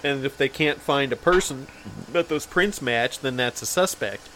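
Calm podcast guy, mid-pitch voice, thinks out loud, faint noise behind. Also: normal speed. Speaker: podcast co-host. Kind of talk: casual banter.

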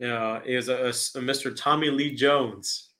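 A man's voice: mid-range voice, steady tone, normal speed, sharp tone. A man co-hosting a casual podcast, laid-back and full of fillers as he lists his picks. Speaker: podcast co-host. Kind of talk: casual chat.

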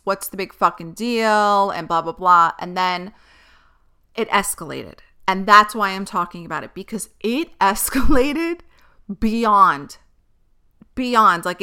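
A young woman rants straight to camera in a casual commentary vlog, blunt and exasperated, swearing freely. Her voice is bright and forceful, with a smooth, crisp clarity. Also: medium pitch. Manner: blunt, profane, exasperated ranting. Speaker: influencer commentator.

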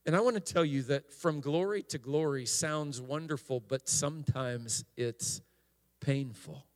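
Pastor guy preaching slow, bit high voice, stumbles then gets fired up. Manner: slow, halting delivery with restarts, rising to impassioned preaching. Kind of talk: sermon.

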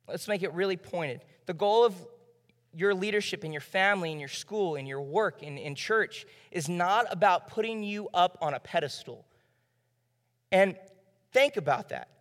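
A young man with a Southern US accent preaching a sermon as pastor, acting out the disciples' lines in quick bits of dialogue. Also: high-pitched, fairly bright tone. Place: church hall. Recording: long church hall reverb.

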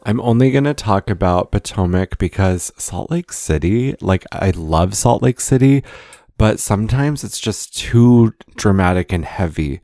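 A man's voice: on the low side, animated, unhurried, warm tone, dry recording, studio quality. A man co-hosting a casual podcast, gossiping playfully and retelling reality-show drama. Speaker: podcast co-host. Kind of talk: casual chat.

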